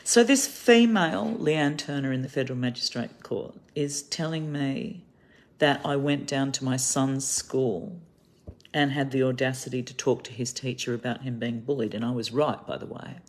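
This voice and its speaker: A woman's voice: extremely low pitch, little pitch movement, normal speed, darkish tone. Indignant Australian woman ranting. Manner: indignant, rambling, emphatic storytelling. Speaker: activist vlogger. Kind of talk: monologue to camera.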